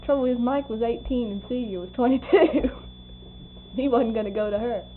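A woman's voice: a little high, moderate pace. Older woman telling stories on tinny tape. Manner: laughing, animated storyteller acting out quoted voices. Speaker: interviewee. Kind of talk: oral history storytelling. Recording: tinny lo-fi tape with faint hum.

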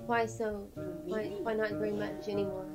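Woman, interviewer, soft short questions, music in the background. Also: medium pitch, little pitch movement, normal speed.

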